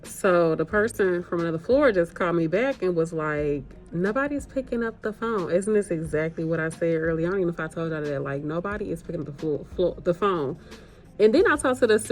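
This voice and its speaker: A woman's voice: fairly low pitch, darkish tone. Exasperated woman venting to her viewers. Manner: exasperated, talks straight to viewers, swears casually. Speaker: agency nurse vlogger. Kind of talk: casual vlog rant to viewers.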